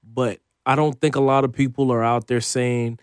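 A man's voice: mid-range voice, little pitch movement, moderate pace, clean tone, no room sound, clean studio sound. A man, a sports reporter, chatting as a guest on a talk show in an easygoing, sometimes hesitant way. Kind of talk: casual chat.

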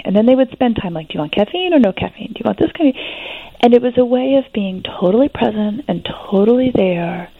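A woman with a gravelly, creaky voice explains things to an interviewer with animated reassurance, often pausing on fillers. She sounds thin and tinny, as if over a phone line, with no room sound around her. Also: mid-range voice, no room sound. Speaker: guest expert and author on adolescence. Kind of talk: interview conversation.

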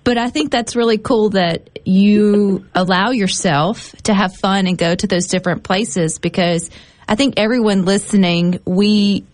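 A woman's voice: mid-range voice, measured pace, dry recording. Woman hosting a chat, upbeat and encouraging, rambles a little, dry close sound. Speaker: host. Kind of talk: interview.

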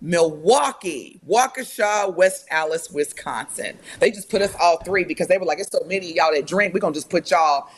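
Lively woman radio cohost, reads off a list, laughs a lot. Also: fairly low pitch, moderate pace, hardly any pauses, a little hiss or hum. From Indiana. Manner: animated, laughing, reading a list aloud. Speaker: radio show co-host. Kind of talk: casual chat.

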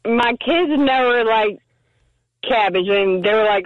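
A woman calling in to a radio show by phone, easygoing and unhurried. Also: a little high, dry recording. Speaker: caller. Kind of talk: phone-in chat. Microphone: phone line. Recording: tinny phone line.

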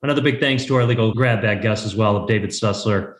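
A man's voice: fairly low pitch, fast talker, echoey room, a little hiss or hum. A man hosting a legal podcast, joking casually and reading the sign-off. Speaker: podcast host. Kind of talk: casual chat and show sign-off.

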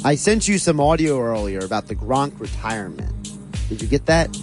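A man's voice: medium pitch, animated, normal speed, music in the background, poor audio. A man co-hosting a sports radio show, chatting casually and enjoying a funny clip. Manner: amused, eager to share clips.

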